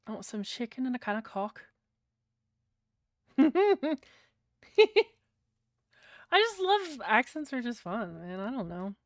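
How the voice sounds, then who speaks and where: A woman's voice: fairly high pitch, very animated, takes it slowly, pauses often, no room sound, studio quality. A woman with a British accent, chatting casually and bluntly with her livestream viewers, rambling and swearing freely. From Britain. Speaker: streamer.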